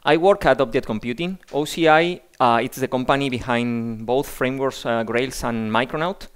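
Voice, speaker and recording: A man from Spain giving a tech conference talk in a halting way, often repeating words. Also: mid-range voice, clean tone. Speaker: conference speaker.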